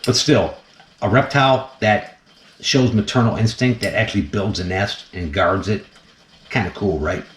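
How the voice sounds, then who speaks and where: A man's voice: lowish voice, moderate pace, echoey room, a little hiss or hum. A man hosting a casual vlog while feeding a snake, chatty and laughing often as he talks to the animal. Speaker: snake keeper and channel host.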